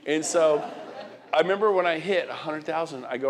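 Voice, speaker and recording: A man's voice: on the high side, normal speed. A middle-aged man giving a motivational speech, hitting the crowd with emphatic rhetorical questions and often repeating and restarting words. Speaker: guest speaker.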